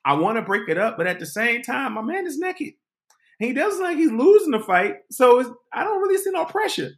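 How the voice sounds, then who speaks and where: High-voiced man telling a comic story. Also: a little fast. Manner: animated, dramatic storytelling, acting out scenes. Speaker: podcast host. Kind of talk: comedic storytelling.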